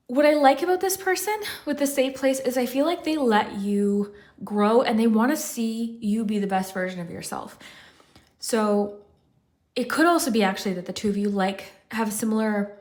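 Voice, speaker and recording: In a fairly high, slightly mellow voice, a tarot reader offers a casual pick-a-card reading. She's breathless and chatty, wandering off track and filling her speech with lots of "like."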